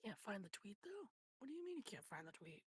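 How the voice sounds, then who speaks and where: A woman's voice: medium pitch, sing-song, fast, husky, dry recording. A woman livestreaming a game at her home computer, chatting casually with her audience, swearing freely and often dropping into whispered asides. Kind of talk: casual stream chat while gaming.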